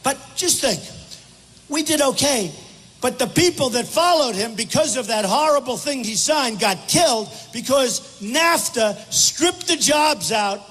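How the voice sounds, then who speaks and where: An older man running for office delivers a rambling, repetitive, combative speech at a podium mic before a crowd in an airport hangar. His extremely high, fairly bright, husky voice moves with lively intonation at a slightly slow pace. Soft background music and faint noise sit in the echoey hall.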